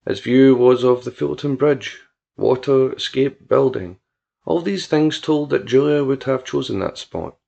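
Male narrator, very gravelly voice, measured reading, dull lo-fi recording. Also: mid-range voice, mellow. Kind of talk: audiobook narration.

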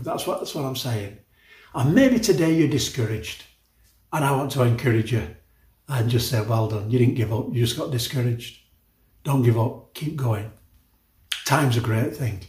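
An older male pastor in his sixties preaches in a church, his voice carrying round a roomy, echoing hall. He speaks with emphatic conviction, stacks up repeated words and false starts, and drifts into chatty asides. His pitch sits squarely in the middle of the range for a man. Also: a little mellow. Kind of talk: sermon.

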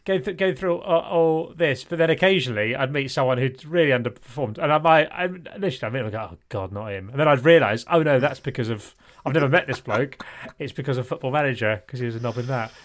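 A man's voice: medium pitch, quick pace, hardly any pauses. A man co-hosting a podcast in casual chat, talkative and self-mocking, often laughing. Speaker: podcast co-host.

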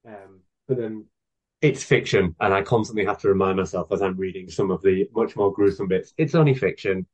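A man's voice: deep voice, a little fast, a little mellow. Man in his thirties, rambling enthusiast. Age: 30s. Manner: rambling, filler-heavy, enthusiastic. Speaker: author guest. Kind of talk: casual podcast chat. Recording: dull lo-fi podcast audio.

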